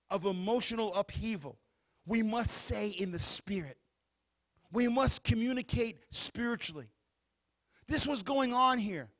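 A high-pitched male preacher delivering a sermon. He reads scripture in a steady, measured cadence, then drops to a hushed, soothing voice or rises to loud, fervent calls.

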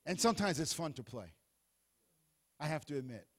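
A man preaching a sermon who tells the scripture story in an animated, playful way. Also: on the high side, moderate pace.

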